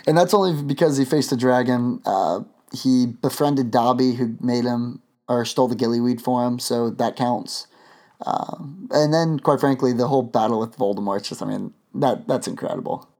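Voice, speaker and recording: A man's voice: mid-range voice, moderate pace, darkish tone. A man hosting a podcast, chatting casually and rambling with lots of fillers and restarts. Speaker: podcast host.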